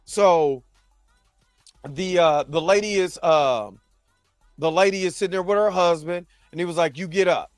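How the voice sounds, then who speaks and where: Man, high voice, AAVE, animated casual recap host, dry close sound, faint music behind. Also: measured pace, long pauses, smooth, dry recording. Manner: animated, acts out characters' lines in his own voice. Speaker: show host.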